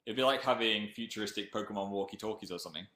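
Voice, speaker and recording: A young man from Northern England, speaking with a Northern accent, reads viewer comments aloud while chatting casually on his live stream. His voice sits fairly low with a sharp tone, delivered rapid-fire in a reverberant space.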